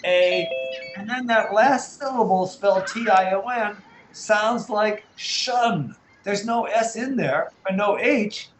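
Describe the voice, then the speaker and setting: A man's voice: high-pitched, unhurried, few pauses, echoey room, slight background noise, rough recording. An American man teaching an English lesson over a video call, patiently sounding out and spelling words.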